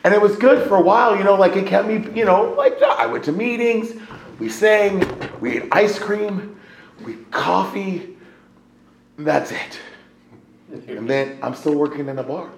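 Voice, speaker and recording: A man from the United States speaking to a recovery meeting, talking casually with lots of fillers, sometimes hushed and sometimes shouting. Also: high voice, unhurried, gravelly, pauses often. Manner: animated, swings from hushed to loud shouting; conversational, many fillers and "right?". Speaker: AA speaker sharing his story. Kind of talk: recovery share to a live meeting. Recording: roomy echo, faint room noise.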